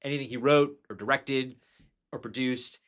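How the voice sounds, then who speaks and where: Rambling podcast host, middle pitch. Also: male voice, fairly even intonation, normal speed, a bit bright. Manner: enthusiastic, rambling with many restarts and fillers. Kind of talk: casual film discussion.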